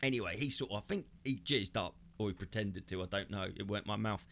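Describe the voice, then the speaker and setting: A man, co-hosting a podcast, telling a crude story in a lively, swearing, animated way and acting out other people's lines. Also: on the low side, quick pace. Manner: animated, swearing, acts out quoted voices. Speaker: podcast co-host. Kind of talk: casual comedic storytelling.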